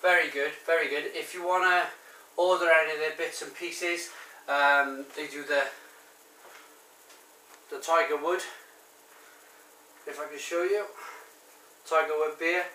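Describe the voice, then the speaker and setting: A man's voice: a little high, steady tone, a little slow, pauses often, bright, forceful tone, recorded from a distance, a little hiss or hum. A man with a Barry Welsh accent, reviewing a bottled beer in a chatty, rambling way full of ums and restarts. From Wales. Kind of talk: casual review to camera. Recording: echoey room, voice off-mic.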